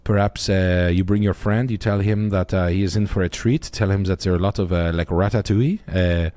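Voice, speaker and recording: A man putting on a halting foreign character who speaks broken English full of hesitations. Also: sits low, steady tone, mellow, dry recording, close to an everyday voice. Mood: deadpan. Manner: slow broken English, constant ums. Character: halting foreign man with a French guy bit.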